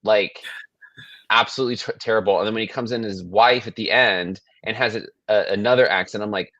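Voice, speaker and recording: A man co-hosting a podcast in casual chat, rambling and animated, often restarting sentences and swearing. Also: fairly low pitch, fairly quick, no echo, lo-fi sound. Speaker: podcast co-host.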